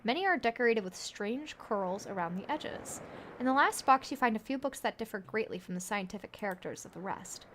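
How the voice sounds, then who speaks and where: A woman with a fairly high voice streams a story game, reading its narration aloud. She chats and giggles with her viewers between passages. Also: lively intonation, fairly quick, a bit bright, a little hiss or hum. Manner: giggly, chatty, reads chat aloud. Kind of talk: casual game commentary and reading game text aloud.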